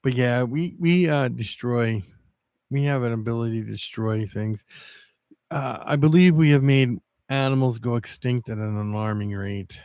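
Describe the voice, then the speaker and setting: A man livestreaming, chatting casually with viewers in a rambling, halting way with many restarts. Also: medium pitch, darkish tone, clear, resonant tone, dry recording, studio quality.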